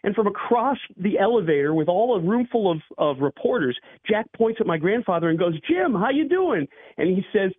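A man's voice: sits high, a little fast, hardly any pauses, breathy edge, no echo. Man on a tinny phone line. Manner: relaxed storytelling with restarts. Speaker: podcast guest, former country radio host. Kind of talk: casual interview chat.

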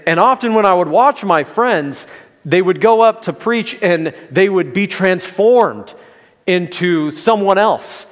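Man preaching in a reverberant hall. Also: on the high side. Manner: conversational preaching with gentle humor. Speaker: pastor. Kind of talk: sermon. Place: church sanctuary.

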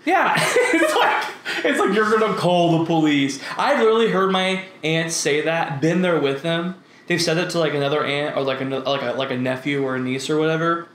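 High dude rambling and giggling, kinda high voice, echoey room, faint hiss. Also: male voice, normal speed, fairly bright tone. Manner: giggly, rambling, lots of fillers and swearing. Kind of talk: casual stoned chat.

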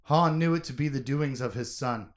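A man's voice: medium pitch, normal speed. A man recapping a story casually, then reading a long passage aloud with dramatic emphasis. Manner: reads aloud with dramatic emphasis, shouting quoted lines.

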